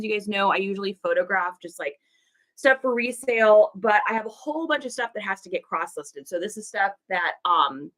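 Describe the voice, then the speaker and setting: A woman's voice: medium pitch, pushed and bright. A woman hosting a casual livestream as a reseller, chatty and laughing often as she greets viewers by name. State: allergies, puffy eyes.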